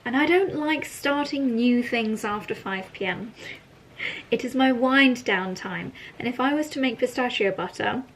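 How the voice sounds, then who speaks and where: A woman's voice: fairly high pitch, measured pace, a bit bright, poor audio. A woman chatting casually to camera at home in a playful, giggly way. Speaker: lifestyle vlogger. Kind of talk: casual vlog chat to camera. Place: at home indoors.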